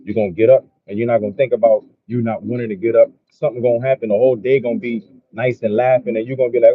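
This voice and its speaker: A man rambles through a fired-up motivational talk, swearing often and circling back over the same phrases. His voice is husky and a little breathy. The sound is thin and tinny, like a phone line. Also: mid-range voice, flat delivery, rapid-fire, no echo. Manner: profane, repetitive, preachy. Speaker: motivational vlogger. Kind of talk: casual motivational monologue.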